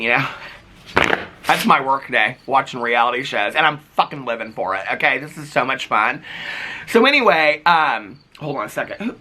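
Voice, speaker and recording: A man from Indiana vlogging about reality TV in a casual, animated, gossipy way with big swings in his voice. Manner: animated and dramatic, gossipy, big pitch jumps. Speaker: reality TV commentator. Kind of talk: casual chatty vlog.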